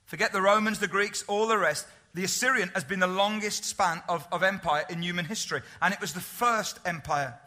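Casting: man preaching, high and very bright voice, emphatic, keeps firing questions at the room. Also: a little fast, few pauses. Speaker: pastor. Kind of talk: sermon.

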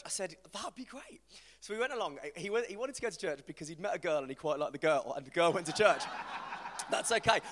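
Here a preacher from the West Midlands of England, speaking with that accent, addresses a live crowd in a big hall. His voice runs a little high and fairly bright as he tells anecdotes about a friend in a chatty, funny evangelistic talk full of self-deprecating jokes. Reverb from the hall is audible throughout.

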